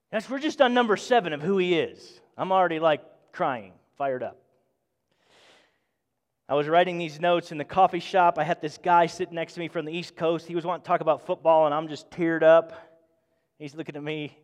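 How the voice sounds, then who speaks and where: A man preaching a sermon with passion, swinging between loud emphatic bursts and hushed, intimate moments. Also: on the high side. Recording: long hall reverb.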